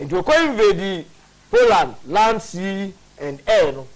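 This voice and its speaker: A man's voice: high voice, animated, slow, poor audio. A man hosting a history discussion, speaking expansively and emphatically in Twi mixed with English.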